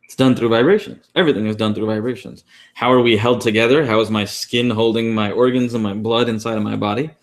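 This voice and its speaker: A man co-hosting an online class speaks in a lowish voice with fairly even intonation at a quick pace. His teaching is relaxed and casual, with many fillers and restarts, picked up over the class call.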